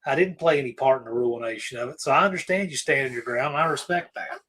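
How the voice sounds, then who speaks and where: A man's voice: mid-range voice, quick pace, a bit bright, husky, rough recording. A man from Virginia hosting a casual livestream, rambling easygoingly through viewer comments and often trailing off to restart. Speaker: livestream host. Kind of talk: casual live-stream chat, answering viewer comments.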